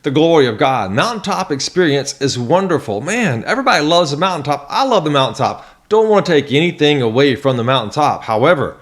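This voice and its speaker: A man's voice: fairly high pitch, very animated, fairly quick, hardly any pauses. Man preaching a devotional sermon. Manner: storytelling, emphatic.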